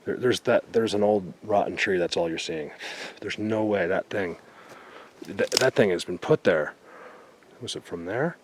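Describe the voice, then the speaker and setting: A man vlogging outdoors in a forest, excitedly showing viewers what he finds and sometimes dropping to a whisper. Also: sits low, a little slow, slight background noise. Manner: excited, talks to viewers, drops to a whisper at times. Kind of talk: outdoor exploring vlog.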